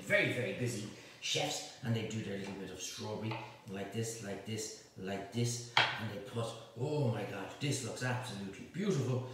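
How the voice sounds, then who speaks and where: Joking chef in an echoey kitchen. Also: male voice, medium pitch. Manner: rambling, joking storyteller with slangy asides. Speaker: chef and cooking show host. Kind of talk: live cook-along demonstration. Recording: echoey room, mic at a distance, faint noise.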